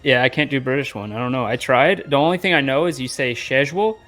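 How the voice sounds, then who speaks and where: A man's voice: mid-range voice, fast, a bit bright, faint music behind. A man running a tabletop game, chatting casually and laughing easily. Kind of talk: casual chat.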